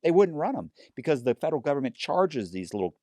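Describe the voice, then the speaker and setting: Guy telling a wild story on a podcast, low voice that jumps around a lot, dry close sound. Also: fast, no echo. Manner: lively, acts out both sides of retold conversations. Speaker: guest. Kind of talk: animated storytelling in a podcast interview.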